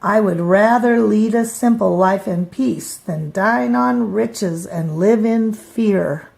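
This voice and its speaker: A woman voicing a gentle, easily frightened little female country mouse in a storybook read-aloud. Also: medium pitch, takes it slowly, creaky. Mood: earnest.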